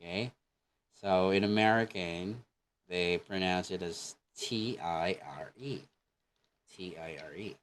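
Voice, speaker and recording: A male English teacher with a low, deep voice gives an online lesson. He speaks slowly and deliberately and keeps checking in with his students.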